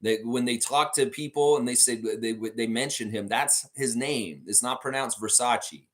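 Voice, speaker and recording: A man's voice: mid-range voice, normal speed. A middle-aged American man hosting a casual trivia livestream, reading chat comments aloud and laughing often. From United States.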